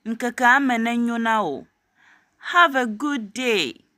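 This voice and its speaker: A woman's voice: a little high, slow pace, pushed and bright, dry recording, clean studio sound. A woman teaching a language, saying each short phrase twice and then giving its meaning. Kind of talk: slow phrase-by-phrase language drill.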